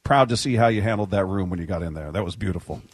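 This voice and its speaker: A man's voice: low-pitched, very fast, husky. A man hosting a radio show, asking questions and wrapping up an interview in a friendly way.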